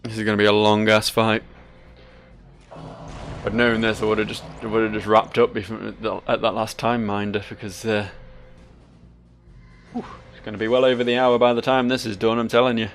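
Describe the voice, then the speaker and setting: A man's voice: lowish voice, level tone, normal speed, long pauses, faint music behind. A sleep-deprived man, giving rambling, sweary gameplay commentary full of self-mocking asides. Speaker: let's play host.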